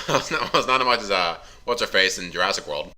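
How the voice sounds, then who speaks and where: A man giving casual movie commentary with wry, quick comebacks. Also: on the low side, expressive, sharp tone. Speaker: film commentator.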